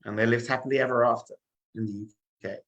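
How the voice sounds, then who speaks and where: A male rabbi tells a story in sermon style, dramatic and animated. He acts out the scenes as he goes, building toward the big moments. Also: mid-range voice, fast talker, lo-fi sound.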